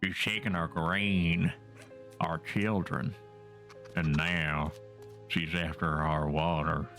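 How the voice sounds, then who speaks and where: A man voicing an old male villager who blames a witch for the village's troubles, speaking in a grim, accusing way with slow, drawn-out lines. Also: low-pitched, little pitch movement, fairly bright tone, faint music behind, voice pushed down, exaggerated voice.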